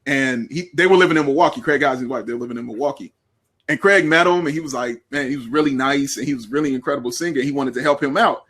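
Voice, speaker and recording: A man from Chicago, co-host of a sports show, telling animated stories in casual chat and acting out what people said. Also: mid-range voice, fast. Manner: animated storyteller, acts out quotes, laughs often.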